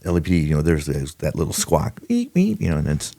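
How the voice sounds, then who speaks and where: A man's voice: a bass voice, wildly swooping pitch, quick pace, vocal fry, dark tone. An older man, a retired detective, telling stories in a casual interview, acting out quotes and laughing often. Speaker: retired homicide detective, podcast guest.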